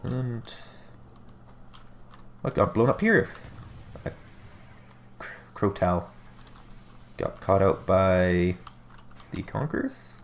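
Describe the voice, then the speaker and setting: A man's voice: low-pitched, expressive, very slow, pauses often, a little hiss or hum. A man casually casting a strategy game replay, stuffy and nasal from allergies, musing aloud and correcting himself as he talks. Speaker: game caster. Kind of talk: live play-by-play commentary on a strategy game replay.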